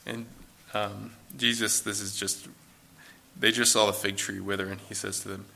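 A man with a lowish, bright and forceful voice gives a conversational Bible lesson. His delivery stays level and even in pitch. He talks loosely, thinking aloud and leaning on "like" as he explains. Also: normal speed, vocal fry, a little hiss or hum. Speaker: Bible teacher.

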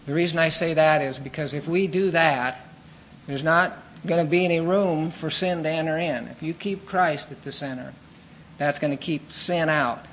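A man preaching a sermon in an earnest, measured teaching manner, pausing with fillers and restarting phrases. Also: on the high side, steady tone, fairly bright tone, slight background noise, low-quality recording.

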